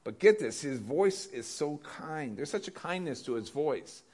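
A man's voice: fairly high pitch, lively intonation, unhurried, a little mellow, slightly rough. A pastor preaching a sermon in a conversational way, asking his congregation questions.

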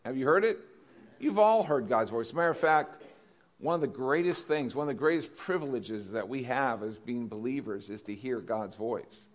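A man's voice: mid-range voice, animated, normal speed. A male pastor preaching a conversational sermon, often repeating questions to the congregation.

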